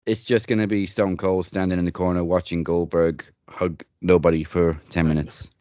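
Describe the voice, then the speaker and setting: A man with a very deep voice hosts a casual wrestling podcast, talking with blunt opinions and the odd curse. His voice is recorded dry and close, with no room sound around it. He keeps a loose, chatty podcast delivery. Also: level tone, normal speed, a little mellow, no echo. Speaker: host. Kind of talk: casual wrestling news chat.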